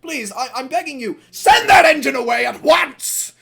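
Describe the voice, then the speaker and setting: A man voicing an anxious young female steam engine in a high, flustered, stammering voice. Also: lively intonation, moderate pace, gravelly, sharp tone, full character voice. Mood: pleading.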